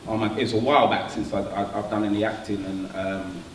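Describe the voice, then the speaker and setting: A man telling a stand-up story, animated and slangy, laughing at his own jokes. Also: on the low side, a little fast. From London. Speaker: stand-up comedian. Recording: echoey room, distant mic, faint noise.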